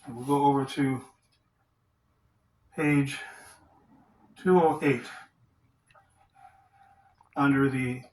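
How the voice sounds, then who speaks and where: A man teaching from the Bible in a sermon, reading verses aloud slowly and asking rhetorical questions. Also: mid-range voice, fairly even intonation, darkish tone. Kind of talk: scripture study sermon. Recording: roomy echo, distant from the mic.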